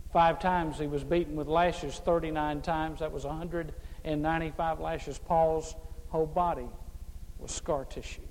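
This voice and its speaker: A man's voice: a little high, darkish tone, long reverb tail, rough recording. A man preaching a sermon as a pastor, emphatic, with repeated refrains and touches of humor.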